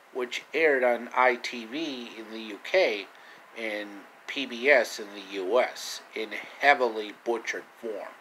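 Bright-voiced man telling a joking story. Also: mid-range voice, slight background noise, poor audio. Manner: joking, self-mocking asides. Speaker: vlogger retelling a classic story. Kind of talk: casual comedic storytelling.

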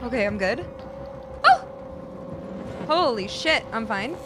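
A woman's voice: on the high side, lively intonation, moderate pace, very noisy. A young woman streaming a horror game, chatting with viewers and yelping and swearing when startled. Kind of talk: live gaming commentary. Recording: loud game music behind.

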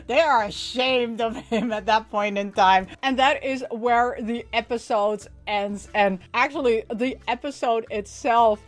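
Excitable woman with a high voice. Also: measured pace, faint music behind. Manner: excitable, laughs often, acts out characters' lines. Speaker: anime recap and unboxing host. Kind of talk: casual recap and toy unboxing.

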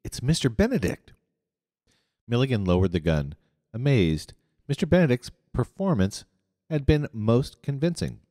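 A man narrating an audiobook in an expressive reading. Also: medium pitch, moderate pace, no room sound, clean studio sound, long reverb tail. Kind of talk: scripted narration.

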